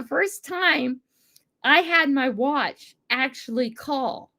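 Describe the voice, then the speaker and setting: A woman's voice: sits high, expressive, slow, vocal fry, pushed and bright. An older American woman hosting a livestream, chatting casually with viewers and laughing often. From United States. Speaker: livestream host reading chat. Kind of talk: casual chat.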